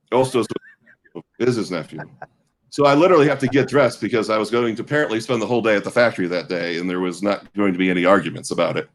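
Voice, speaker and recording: A man's voice: fairly low pitch, fast, low-quality recording. A man in his forties from the American Midwest, casually telling a long, rambling anecdote as a guest, often restarting his sentences. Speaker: guest storyteller. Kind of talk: casual chat.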